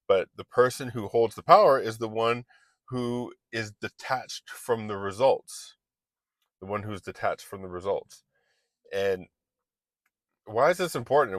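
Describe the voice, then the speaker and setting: A man with a fairly low, slightly bright voice, recorded with no room sound, gives a casual motivational talk as an online business coach. He's chatty and loose, often restarting sentences and acting out little exchanges.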